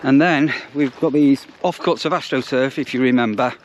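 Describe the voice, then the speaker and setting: A man's voice: medium pitch, moderate pace, muffled recording, a little hiss or hum. A man, a campsite warden chatting casually outdoors, rambling with lots of ums and restarts. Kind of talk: casual vlog narration.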